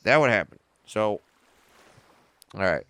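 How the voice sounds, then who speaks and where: A middle-aged man spins stand-up stories in a casual podcast chat, his voice smooth and resonant. He swears freely and leaps higher in pitch when he hits a punchline. The sound is close and dry. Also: a little slow, dry recording. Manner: animated, profane, jumps way up in pitch for punchlines. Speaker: comedian guest.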